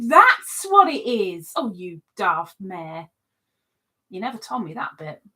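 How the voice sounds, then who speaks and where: A woman with a medium-pitched, fairly bright voice hosts a casual live stream, reading viewers' comments aloud and answering them in a teasing, chatty manner.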